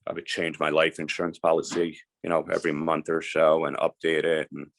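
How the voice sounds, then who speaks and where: A man's voice: extremely low pitch, completely flat delivery, brisk, gravelly, slight background noise. A middle-aged man from New Jersey, a guest telling his life story in earnest, emphatic, casual talk. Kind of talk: candid storytelling interview.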